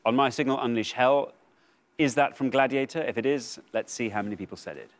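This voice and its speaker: A man's voice: medium pitch, a little fast. Man hosting a quiz show. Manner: upbeat, teasing, bursts of excitement on reveals. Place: television studio.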